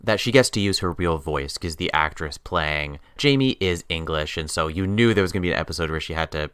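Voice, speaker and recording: A man's voice: sits low, brisk, a bit bright, smooth, no echo. A man co-hosting a podcast, picking apart a TV episode in casual chat with a dry, critical manner. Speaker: podcast co-host.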